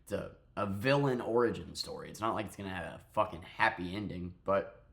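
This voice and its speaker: Man, low-pitched voice, tired, just woke up, rambling, profane, casual show review. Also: fairly quick, creaky, a bit bright. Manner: rambling, profane, restarts often.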